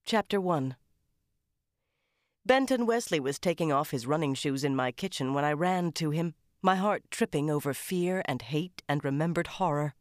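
A woman narrating a crime novel audiobook in the first person with a measured, even-paced reading. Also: low voice, no room sound, clean studio sound.

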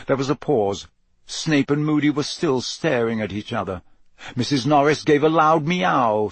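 A man narrating an audiobook in a steady, measured storytelling voice. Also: mid-range voice, husky, no echo. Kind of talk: scripted narration.

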